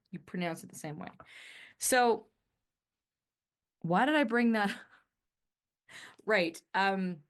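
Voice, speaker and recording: A woman from northern Alberta with a Canadian accent, hosting her own podcast in a rambling, self-correcting solo chat. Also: medium pitch. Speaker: podcast host. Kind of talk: casual solo monologue.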